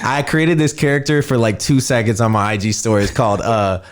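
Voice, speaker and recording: A man from Texas, a podcast guest, chatting in an animated, laughing way. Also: medium pitch, brisk. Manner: animated, laughing, swoops into impressions. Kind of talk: casual chat.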